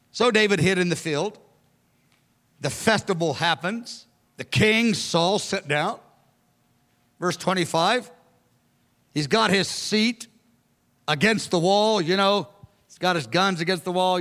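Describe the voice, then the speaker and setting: High-voiced preacher in an echoing hall. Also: male voice. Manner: animated, conversational, acts out the characters. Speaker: pastor. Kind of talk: sermon, verse-by-verse Bible teaching. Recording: long hall reverb.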